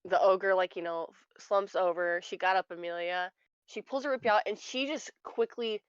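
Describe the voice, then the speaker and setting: A woman's voice: mid-range voice, fairly even intonation, moderate pace, clean tone, no room sound, muffled recording. A woman player narrating her character's actions in a tabletop game, hesitant and full of fillers.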